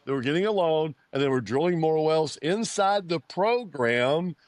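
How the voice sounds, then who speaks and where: A man's voice: fairly high pitch, lively intonation, normal speed, no echo. A man in his fifties, an oil and gas company founder, giving an interview and telling a story, repeating phrases and acting out quoted dialogue.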